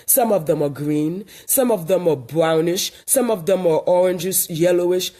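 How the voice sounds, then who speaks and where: High-voiced preachy man outdoors. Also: moderate pace, dark tone. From Haiti. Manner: preachy, repetitive, emphatic. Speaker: online commentator. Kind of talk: outdoor monologue. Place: backyard outdoors.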